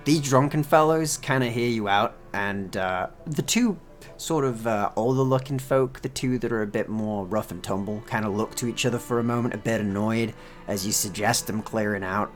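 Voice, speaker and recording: Man, game master, low pitch, relaxed descriptive narration, faint music. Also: normal speed. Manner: descriptive, relaxed, many fillers.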